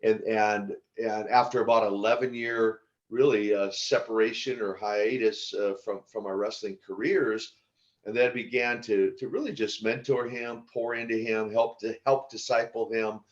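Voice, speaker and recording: A man in his sixties, a former pro wrestler, telling stories as a podcast guest in an animated way with laughs and restarts. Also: on the low side, normal speed. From United States. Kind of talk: casual storytelling interview. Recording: dull lo-fi audio.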